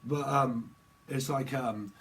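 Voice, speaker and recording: A man's voice: mid-range voice, steady tone, slow, a bit bright, a little hiss or hum, poor audio. A man doing a tarot reading, rambling and jokey, slipping into little acted-out scenes. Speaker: tarot reader.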